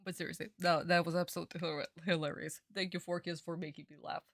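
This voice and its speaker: A woman streaming a casual reaction, excitable and rambling, swearing freely. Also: on the low side, fast talker.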